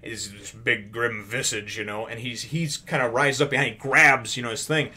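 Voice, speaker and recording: A man's voice: medium pitch, steady tone, normal speed, pushed and bright. A man casually retelling a comic chapter, rambling with many fillers and quoting the characters in a raised voice. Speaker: comics reviewer.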